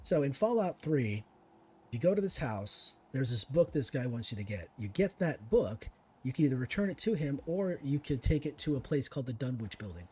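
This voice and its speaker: A male streamer talks through his game in a loose, chatty way, needling the enemies and musing aloud. His voice is husky and mellow, and his pitch swings widely as he reacts. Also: very animated, moderate pace. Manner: chatty, talks to himself and to enemies while playing. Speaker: gaming streamer. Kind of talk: casual let's-play commentary.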